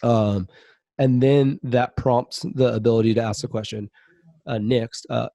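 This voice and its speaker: A man's voice: medium pitch, steady tone, a little slow, gravelly, mellow, no echo. Guy on a podcast, earnest and reflective, mid-range voice, pretty dry sound. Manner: earnest, reflective, open about personal life. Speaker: podcast guest. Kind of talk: casual interview conversation.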